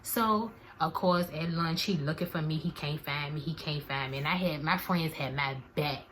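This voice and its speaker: Young woman w/ a lowish voice spilling a story on her vlog, slangy, animated, bit of faint noise behind. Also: normal speed. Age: 20s. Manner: animated, slangy, addresses viewers as y'all. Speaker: vlogger.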